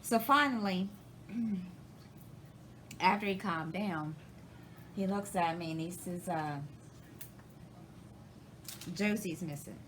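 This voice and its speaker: A woman's voice: lowish voice, slow pace, long pauses, a bit bright, a little hiss or hum, poor audio. A woman, chatting casually to her viewers and rambling through a family story, acting out past conversations. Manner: rambling, retells conversations, many restarts. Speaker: crafting channel host.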